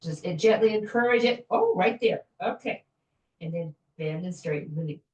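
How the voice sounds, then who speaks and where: A woman fitness instructor guiding a floor stretching class in a gentle, chatty way, with small jokes about herself. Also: lowish voice, animated, moderate pace, far from the mic, muffled recording. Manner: gentle, chatty, self-joking with little laughs. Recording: echoey room, voice from afar.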